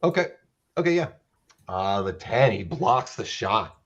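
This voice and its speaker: A man with a lowish voice narrating and refereeing a tabletop role-playing game as dungeon master. He talks in stop-start bursts, restarting his sentences and filling the gaps as he goes. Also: sing-song, lo-fi sound. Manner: halting, many restarts and fillers.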